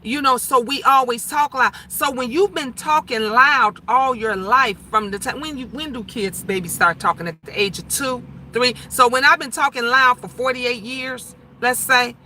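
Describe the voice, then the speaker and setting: A woman in her fifties talking loudly and emphatically on a casual livestream, chatting and answering viewer comments. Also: on the high side, moderate pace, few pauses, a little hiss or hum. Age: 50s. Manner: loud, emphatic talker who gets louder when emotional.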